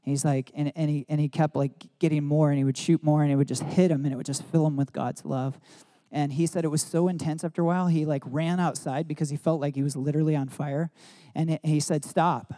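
A man's voice: fairly high pitch, fairly even intonation, fast, mellow. A man telling personal stories in a sermon, casual and rambling with many "like" fillers. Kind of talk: sermon storytelling.

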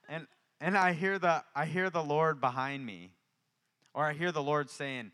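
A man's voice: on the high side, big pitch swings, extremely slow, pauses often, sharp tone. A man preaching a sermon, telling a personal testimony in a chatty way and building to fervent exhortation.

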